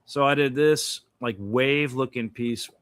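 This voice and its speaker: A man's voice: mid-range voice, steady tone, unhurried, a bit bright, smooth, no echo, studio quality. A man casually chatting about his drawings on a stream, laid-back and swearing freely as he explains his art. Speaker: artist showing his drawings. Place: indoor studio with his art panels behind.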